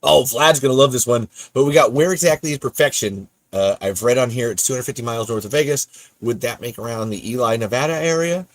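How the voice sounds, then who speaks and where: A man's voice: mid-range voice, quick pace, no echo. A man hosting a podcast in casual, rambling livestream chat, breaking off mid-thought and laughing often. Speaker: podcast host.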